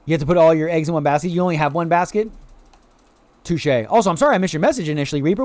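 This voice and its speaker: An American man chats casually with viewers while streaming a game, greeting chat and tossing in playful quacks. His voice is fairly high and somewhat dark in tone, and he races along in a dry recording.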